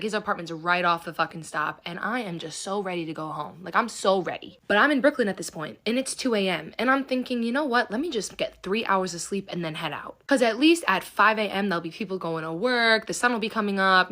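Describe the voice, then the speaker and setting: A woman's voice: mid-range voice, pushed and bright. A young adult woman telling a dating story in a casual, profane, sarcastic way, acting out both sides. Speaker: storyteller host.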